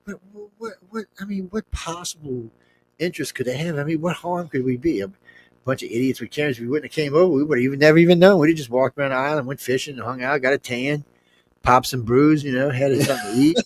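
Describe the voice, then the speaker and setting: A man's voice: mid-range voice, quick pace, slight background noise. A man telling a long anecdote as a guest on a talk show, rambling, blunt and chuckling as he goes. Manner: rambling, chuckles through his story. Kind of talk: casual anecdotal storytelling.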